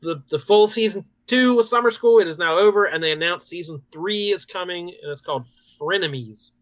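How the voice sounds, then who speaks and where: A man hosts a casual podcast chat, his voice on the high side and bright, almost tense. He recaps episodes in a lively, rambling way, full of fillers and little laughs. The recording is dry and dull, like a lo-fi mic. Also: fairly quick, dry recording. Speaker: podcast host.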